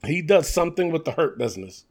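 Male podcast co-host, young, a little high-pitched, animated and chatty with frequent laughs. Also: fast, a crowd in the background. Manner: animated, laughs often, many fillers. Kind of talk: casual wrestling chat.

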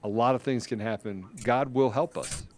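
A middle-aged man hosts a political talk podcast in a fervent, rambling way, often restarting his sentences. His voice sits at a medium pitch. He closes out guests with earnest, rallying appeals. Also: moderate pace, a little hiss or hum. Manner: fervent, rambling, with many restarts, rising to rally-style shouting. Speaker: podcast host. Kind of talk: casual political talk show.

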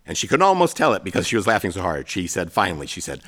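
A middle-aged pastor preaching a sermon, telling stories with self-deprecating humor. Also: male voice, low voice, lively intonation, fast talker, few pauses, a bit bright.

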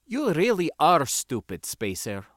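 A man voicing a sharp-tongued, scornful teenage girl in an audiobook, speaking curtly. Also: fairly high pitch, wildly swooping pitch, unhurried, no room sound, studio quality, voice pushed up, heavily acted.

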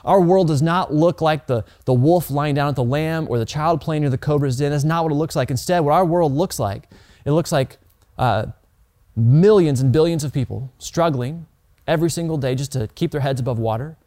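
A man's voice: a little high, moderate pace, mellow. A man in his thirties preaching a sermon in a conversational, earnest way, often restarting and repeating words. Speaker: pastor.

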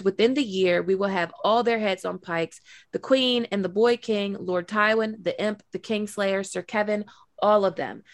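A woman's voice: mid-range voice, no room sound, studio quality, close to an everyday voice. A woman reading aloud the part of a male lord who urges his allies to war for a new king.

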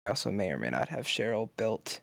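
A man's voice: fairly low pitch, big pitch swings, fast talker, creaky, no room sound. A man chatting casually as a player in a tabletop game.

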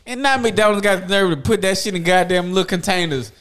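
A man co-hosting a podcast, ranting about fast food in profane, animated banter and laughing often. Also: high-pitched. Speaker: podcast co-host. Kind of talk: casual comedic banter.

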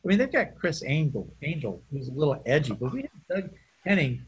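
A man's voice: on the high side, fairly quick, slightly rough. A man co-hosting a podcast in casual chat, joking and sometimes tripping over his words. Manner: joking, animated, tongue-tripping. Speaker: podcast co-host. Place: remote call.

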